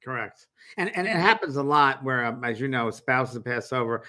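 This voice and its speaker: A man's voice: medium pitch, animated, moderate pace, pushed and bright. A man hosting a casual chat, earnest and conversational, sometimes reading aloud. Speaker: host, medium.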